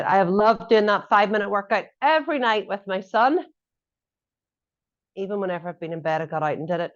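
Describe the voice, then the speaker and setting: Chatty woman fitness instructor, lo-fi audio. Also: medium pitch. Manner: chatty, encouraging cues with joking asides. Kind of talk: coaching a live workout class. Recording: dull lo-fi audio.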